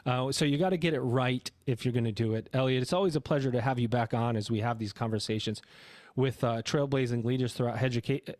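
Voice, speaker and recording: A man's voice: medium pitch, quick pace, a little mellow, dry recording, studio quality. A man hosting an education podcast in a casual, rambling way, often correcting himself mid-sentence. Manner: rambling, self-correcting, chatty. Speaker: podcast host. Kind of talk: casual podcast intro and interview.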